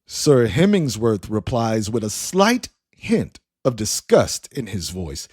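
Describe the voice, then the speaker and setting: A man narrating a story in an unhurried, expressive reading style. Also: fairly low pitch, slightly rough, dry recording, clean studio sound.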